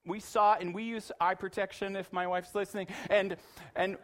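A middle-aged man preaching a sermon in an animated, playful way, acting out little voices in his asides. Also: high voice, moderate pace. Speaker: pastor.

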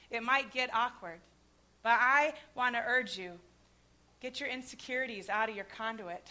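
A middle-aged woman preaching a sermon, telling personal stories in an animated way, with sudden shouts and hushed asides. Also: a little high.

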